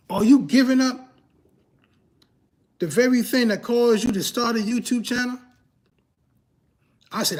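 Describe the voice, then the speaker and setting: A man hosting a livestream as a YouTube growth coach, talking emphatically and casually, repeating key phrases and firing rhetorical questions. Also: very high voice. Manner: casual, slangy speech.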